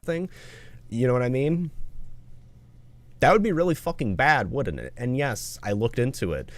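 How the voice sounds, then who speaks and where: A man's voice: medium pitch, animated, normal speed, no echo. A man making a commentary video, appealing earnestly to viewers and swearing often. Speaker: video creator.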